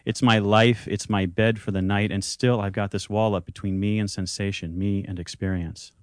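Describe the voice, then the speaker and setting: A man with a very low voice reads his own intimate story aloud, measured and unhurried in delivery. The sound is close and dry, with no room around it. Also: flat delivery, no echo. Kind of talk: reading a first-person story aloud.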